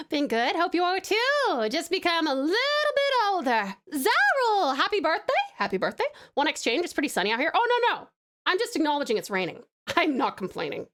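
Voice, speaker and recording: On a casual live stream, a Tasmanian woman talks with her viewers in a high-pitched, fairly bright voice that's very animated and fairly quick. The Australian is bubbly, giggly, and affectionate, frequently gasping and laughing.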